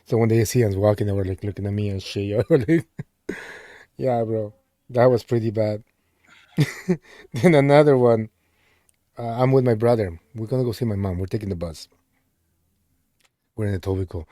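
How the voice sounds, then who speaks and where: A man's voice: fairly low pitch, moderate pace, long pauses, mellow, dry recording. Young guy, co-host telling stories, laughs a lot, says "bro" constantly, dry close sound. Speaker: podcast co-host. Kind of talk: casual storytelling chat.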